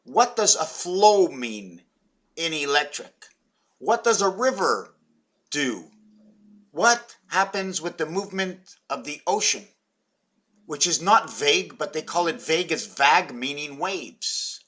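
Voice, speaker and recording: A man's voice: a little high, expressive, takes it slowly, pushed and bright. A man from Quebec, Canada, talking in a meandering, playful vlog monologue full of wordplay and muttered asides. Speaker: vlogger.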